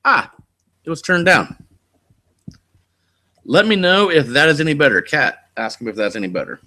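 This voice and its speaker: A man's voice: a little high, animated, normal speed, pushed and bright. A man from California hosting a casual live stream, telling rambling stories and swearing a lot. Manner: rambling, laid-back storytelling with frequent swearing. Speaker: channel host. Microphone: desk mic.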